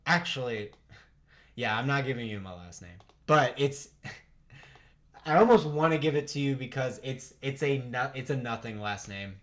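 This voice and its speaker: A man's voice: mid-range voice, lively intonation, a little slow. Chatty man hosting a live fight stream. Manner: chatty, laughs often, thinks out loud. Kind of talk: casual live fight commentary to chat.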